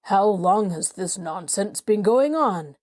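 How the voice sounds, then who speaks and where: A woman voicing a stern, angry father in an audiobook, in a slightly lowered, clipped voice. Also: animated, normal speed, mellow, close to an everyday voice.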